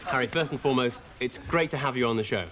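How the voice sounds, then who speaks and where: A man's voice: medium pitch, fast talker, crowd noise, background noise, close to an everyday voice. A man playing a polite, patient chat show interviewer with reassuring presenter patter, in a studio sketch.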